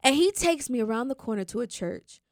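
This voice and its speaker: A woman hosting a faith talk show, telling a personal story in an animated way. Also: high-pitched, a little fast, no echo, clean studio sound. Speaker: host.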